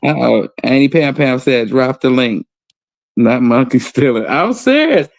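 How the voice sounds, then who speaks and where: Blunt, gravelly gossiping man. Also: medium pitch, expressive, measured pace, dry recording. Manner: blunt, joking, street slang; reads viewer comments aloud. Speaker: podcast co-host. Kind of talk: casual gossip commentary.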